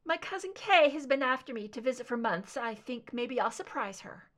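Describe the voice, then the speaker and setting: A woman reading aloud voices an older mother who speaks softly and wistfully, tired of grief yet gently teasing her son. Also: fairly high pitch, lively intonation, normal speed.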